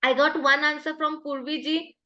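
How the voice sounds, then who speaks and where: High-voiced Indian woman leading an online workshop. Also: flat delivery, moderate pace, pushed and bright, lo-fi sound. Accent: Indian English. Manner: patient, explains step by step with examples. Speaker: workshop trainer. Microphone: video call.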